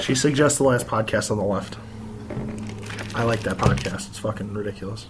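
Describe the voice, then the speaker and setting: A man's voice: on the low side, fairly quick, noisy background. An American man co-hosting a casual gossip podcast with his wife, rambling, swearing freely and laughing often. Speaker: podcast co-host. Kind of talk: casual chat.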